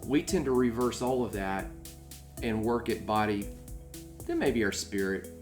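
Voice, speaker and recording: A man's voice: fairly low pitch, expressive, a little slow, faint music behind. A man hosting a podcast in casual chat, rambling and restarting his sentences, often laughing along with his guest. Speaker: podcast host.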